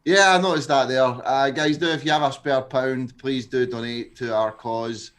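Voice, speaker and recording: A young man co-hosts a charity livestream, chatting in a laid-back, casual way and asking viewers to donate. His mid-range, fairly bright voice keeps a moderate pace and fairly even intonation.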